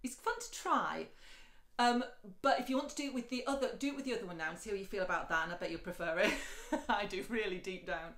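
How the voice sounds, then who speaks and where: A fast-talking woman with a somewhat bright voice gives an encouraging, chatty singing lesson in an echoey room. Speaking straight to the viewer, she alternates between explanation and light, high sung demonstrations.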